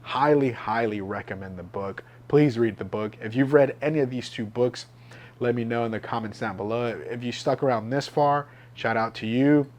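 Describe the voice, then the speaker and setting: A man's voice: mid-range voice, moderate pace, noisy background. A man giving an enthusiastic, chatty book review as a vlogger.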